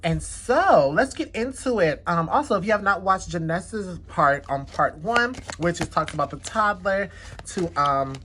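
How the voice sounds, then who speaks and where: A woman's voice: fairly low pitch, expressive, moderate pace, background noise. A woman hosting a casual card reading, chatty and leaning on the word "definitely" again and again. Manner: chatty, repeats "definitely" often. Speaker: tarot card reader.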